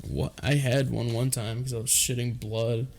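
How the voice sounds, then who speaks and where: Male podcast co-host in his twenties. Average pitch, crude storyteller who laughs often and jumps in with short reactions. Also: flat delivery, normal speed, darkish tone, a little hiss or hum. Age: 20s. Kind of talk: casual banter.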